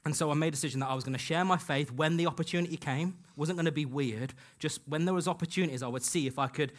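A man's voice: medium pitch, a bit bright. Man preaching an earnest story. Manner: earnest storytelling, acts out quoted dialogue. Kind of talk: sermon with personal stories. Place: church hall.

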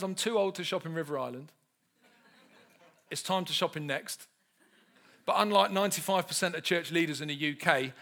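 A man's voice: sits high, fairly bright tone. A man in his thirties preaching a humorous sermon, telling stories with self-mocking humour.

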